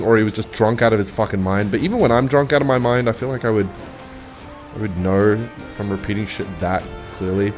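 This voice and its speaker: A young man telling a rambling, swear-filled story while commenting on his gameplay, often cutting himself off mid-sentence. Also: medium pitch. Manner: rambling, swears a lot, self-interrupting. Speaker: gaming video creator. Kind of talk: casual storytelling over gameplay.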